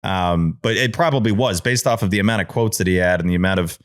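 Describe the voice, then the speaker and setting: A man's voice: low-pitched, fast talker. A man co-hosting a sports podcast, giving emphatic opinions in casual talk. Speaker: podcast co-host.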